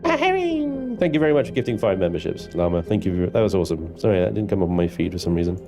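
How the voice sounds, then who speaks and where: A male streamer talks through his game live, joking and swearing with his chat. His voice sits on the low side. Soft music plays quietly underneath. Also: very fast, creaky. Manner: chatty, swearing, banters with chat. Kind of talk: live gameplay commentary.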